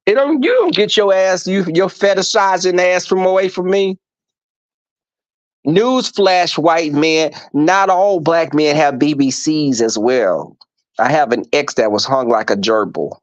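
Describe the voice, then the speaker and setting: A man hosting a livestream, telling stories to his viewers in an animated, profane way and acting out the voices in them. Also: fairly high pitch, a little slow, no room sound, highs cut off. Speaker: livestream host reading chat. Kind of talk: casual storytelling to viewers.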